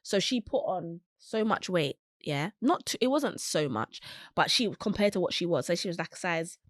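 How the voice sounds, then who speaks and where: A young woman chatting as a podcast guest, animated and quick to act out the people she talks about. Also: no room sound, clean studio sound. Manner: animated, acts out quoted voices with big pitch jumps. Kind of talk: casual chat.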